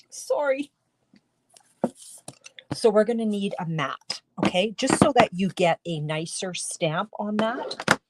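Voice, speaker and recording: There's a little hiss or hum as a middle-aged woman with a fairly low voice demonstrates card making on a live stream. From her home craft studio she chats and explains every step, coughing occasionally from a tickle in her throat.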